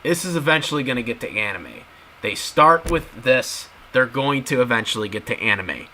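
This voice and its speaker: In a casual YouTube video, a man talks to his "guys" and keeps stressing the same points over and over. His medium-pitched voice is expressive and sharp, moving at a moderate pace, on a low-quality recording with slight background noise.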